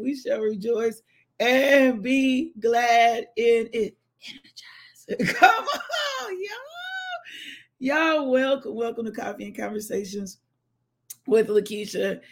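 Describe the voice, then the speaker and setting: Woman host, casual morning chat, a bit higher pitch, raspy and animated. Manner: lively, laughing, chatty with live viewers. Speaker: host of a morning devotional show.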